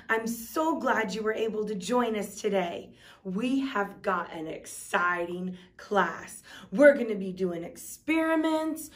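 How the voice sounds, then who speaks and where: Slow sing-song woman teacher, distant mic. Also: on the high side. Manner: slow, exaggerated, sing-song talk to small children. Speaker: Sunday school teacher. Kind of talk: children's class teaching.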